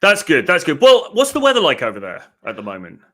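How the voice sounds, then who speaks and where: A man's voice: fairly high pitch, wildly swooping pitch, sharp tone. Chatty British man hosting a podcast. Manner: chatty, quick asides, frequent restarts. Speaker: podcast host. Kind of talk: casual chat.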